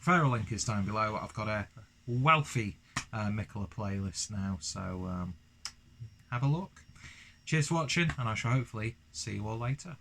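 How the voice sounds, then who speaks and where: A man's voice: lowish voice, expressive, normal speed, bright, forceful tone, a little hiss or hum. Rambling man reviewing beer. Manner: rambling, self-deprecating, chatty with fillers. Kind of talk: casual beer review vlog.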